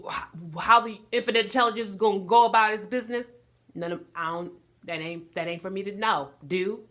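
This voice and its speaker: A woman vlogger giving an animated spiritual talk, preaching and laughing often. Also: mid-range voice.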